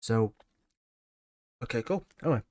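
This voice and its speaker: Man, sarcastic wrestling recap, blunt and rambling, mid-pitched voice, dry close sound. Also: expressive, normal speed, a little mellow, no room sound. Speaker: wrestling show reviewer. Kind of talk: casual recap commentary.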